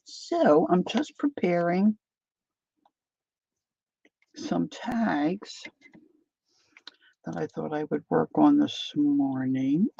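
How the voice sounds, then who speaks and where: A chatty woman with a gravelly, creaky voice, talking casually while she crafts at home. Her words ramble along, and the lo-fi stream audio sounds a little dull. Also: deep voice, extremely slow, pauses often, dark tone, no echo. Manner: chatty, rambling, talks while eating and working. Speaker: craft channel host.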